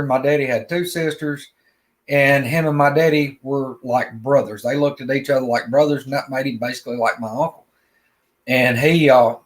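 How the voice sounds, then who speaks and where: Drawling man telling a story. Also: mid-range voice. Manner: drawling, repeats words, plainspoken. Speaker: guest storyteller. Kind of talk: casual spoken storytelling.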